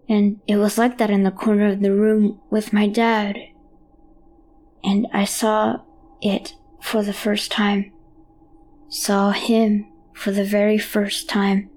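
A woman's voice: medium pitch, dark tone. A woman reading a horror story aloud in a child's hesitant first-person voice. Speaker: narrator. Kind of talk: scripted horror narration.

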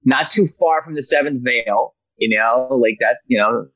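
A man, a comedian guest on a podcast, telling animated stories in casual chat and slipping into character voices. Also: medium pitch, moderate pace, dry recording, muffled recording.

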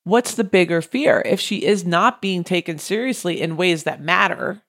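A woman's voice: fairly low pitch, moderate pace, a bit bright, no echo, clean studio sound. A woman co-hosting a casual talk show, working through a listener's problem by asking herself questions. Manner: thoughtful, asks herself questions. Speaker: podcast co-host. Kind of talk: casual chat.

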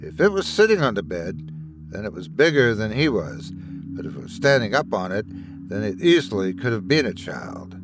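A man's voice: fairly low pitch, very animated, moderate pace. Guy reading a scary story dramatically, voice swoops around a lot, music under it. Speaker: podcast host and narrator. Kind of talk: scripted horror narration.

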